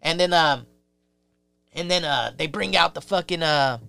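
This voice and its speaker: Young male storyteller, bright, forceful delivery, lots of swearing, dry close mic. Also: a little high, measured pace, vocal fry, no room sound, faint music behind. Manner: profane, animated storytelling with acted quotes. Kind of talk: casual chat.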